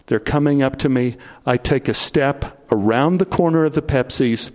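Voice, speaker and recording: A middle-aged man telling a first-person story to an audience, dropping low and slow at the tense moments. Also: darkish tone.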